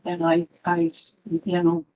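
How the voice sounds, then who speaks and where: A middle-aged woman, a mother, telling a halting, animated story at a memorial gathering. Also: on the low side, muffled recording. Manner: slow, halting, animated when quoting. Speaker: mother of the deceased.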